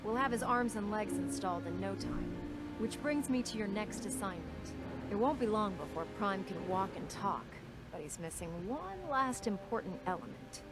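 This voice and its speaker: An actress playing a brisk female military engineer officer giving a businesslike briefing in a video game. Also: medium pitch, lively intonation, close to an everyday voice. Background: game music.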